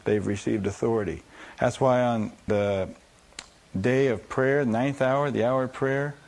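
A man's voice: mid-range voice, fairly even intonation, measured pace, vocal fry, a little mellow. A man preaching a sermon, acting out scripture voices and repeating phrases for emphasis.

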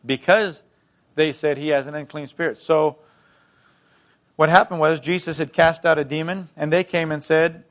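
Brief: male pastor mid-sermon, slightly high voice, emphatic, from booming to hushed. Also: steady tone, normal speed.

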